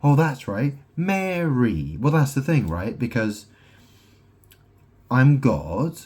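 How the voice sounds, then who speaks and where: Slow, husky-voiced man rambling at home. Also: mid-range voice, sing-song, darkish tone. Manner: meandering, wordplay-heavy, with many "right?" asides. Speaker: solo vlogger. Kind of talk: rambling monologue to camera. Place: at home in his house.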